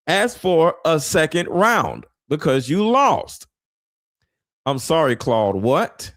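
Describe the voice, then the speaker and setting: A man doing casual, blunt reaction commentary as a streamer, full of slang and loud laughing outbursts. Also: a little high, no echo, studio quality.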